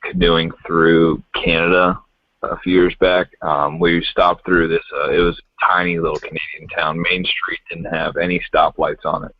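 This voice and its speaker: A man with a very deep, husky voice tells a story at an unhurried pace in casual chat, dry and sardonic. The sound is dry and dull, with no room around it. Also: little pitch movement, no echo. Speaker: podcast co-host.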